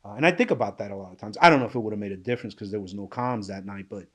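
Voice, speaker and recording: A man giving an emotional personal account as a panel guest, halting and subdued, with restarts and trailing pauses. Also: fairly low pitch, fairly bright tone, husky. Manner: subdued, intense storytelling. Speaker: panel guest recounting survival.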